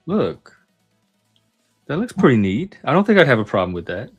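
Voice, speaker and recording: A man casually reacting to news items on a live stream, musing out loud as he goes. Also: medium pitch, sing-song, normal speed, long pauses, slightly rough, soft background music. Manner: musing aloud, thinking out loud.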